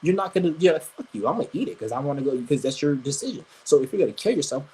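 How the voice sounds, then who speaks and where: Brief: very raspy male streamer, crude combative livestream rant, keeps stammering and restarting. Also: fairly high pitch, sing-song, rapid-fire, darkish tone, low-quality recording.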